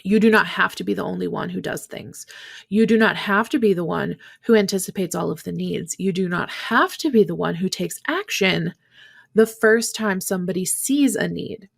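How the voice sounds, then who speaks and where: A woman's voice: fairly low pitch, normal speed, vocal fry, breathy edge. A woman in her thirties hosting a podcast alone, talking in a chatty, candid way with many fillers. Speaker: podcast host. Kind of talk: casual solo podcast talk.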